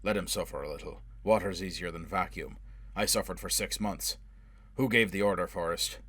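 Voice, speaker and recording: A man's voice: sits low, normal speed, fairly bright tone, no room sound. Man playing a relentless, vengeful interrogator. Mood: menacing. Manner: harsh, driving interrogation. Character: brutal, obsessed man hunting for revenge. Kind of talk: audiobook character voice.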